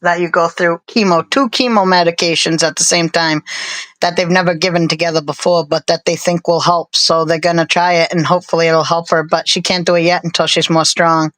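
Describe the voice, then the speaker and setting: A woman co-hosting a live stream, chatting casually in a rambling, self-deprecating way with many fillers and pauses. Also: fairly low pitch, fairly even intonation, fairly bright tone, dry recording, rough recording.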